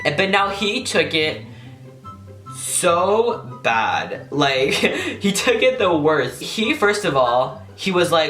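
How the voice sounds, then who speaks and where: A man's voice: on the high side, very animated, takes it slowly, sharp tone, soft background music. A young man telling a casual storytime vlog, rambling and swearing, with "like" in almost every phrase. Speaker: YouTuber. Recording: echoey room.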